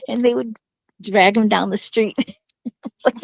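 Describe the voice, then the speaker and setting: A middle-aged woman in easy, chatty conversation, her voice sitting at an ordinary pitch. She tells a story with frequent laughter and plenty of false starts. The sound is close and dry, with no room echo. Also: steady tone, slow, gravelly. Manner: chatty, laughs often, lots of restarts. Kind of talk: casual storytelling chat.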